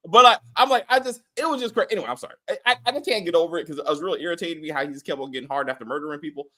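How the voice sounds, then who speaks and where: A man co-hosting a casual TV episode review, profane and animated, acting out characters as he complains. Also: fairly high pitch, rapid-fire. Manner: animated, profane, mimics characters mid-rant. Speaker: show co-host reviewing a TV episode.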